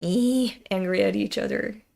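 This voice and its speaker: A woman's voice: mid-range voice, unhurried, creaky, a little mellow. A woman reading a comic aloud in a chatty, casual way, laughing and swearing as she goes. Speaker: comic reader.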